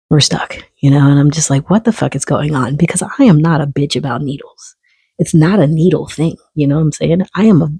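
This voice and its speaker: A man's voice: a little high, darkish tone, husky, dry recording. A man telling a personal story in a casual, candid and profane monologue, early in his time on testosterone. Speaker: vlogger.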